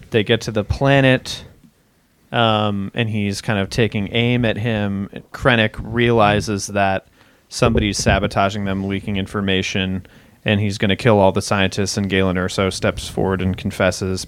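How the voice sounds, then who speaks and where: A man's voice: on the low side, fairly even intonation, normal speed. A man co-hosting a movie podcast, loosely summarizing the plot with "kind of" and "like". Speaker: podcast co-host. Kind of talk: casual movie discussion.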